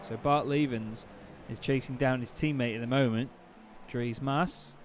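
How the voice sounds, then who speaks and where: A man doing play-by-play commentary on a sim race, chatty and quick to correct himself, getting excited at incidents. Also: medium pitch, heavy background noise.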